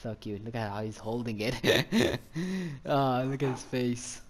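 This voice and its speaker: A man giving casual, excitable commentary while playing a game, easily delighted and chatting to the animals he meets. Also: medium pitch, measured pace, background noise. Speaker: gaming channel host. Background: background music.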